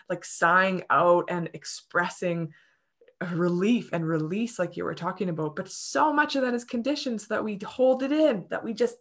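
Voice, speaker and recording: Gushing lower-voiced woman. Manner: gushing, animated storytelling. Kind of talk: casual chat about breathwork.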